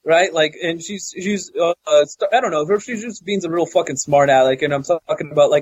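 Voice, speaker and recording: A man's voice: fairly high pitch, fairly quick, breathy edge. A man co-hosting a podcast, telling rambling, profane stories in casual banter. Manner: rambling, profane, animated storytelling. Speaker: podcast co-host.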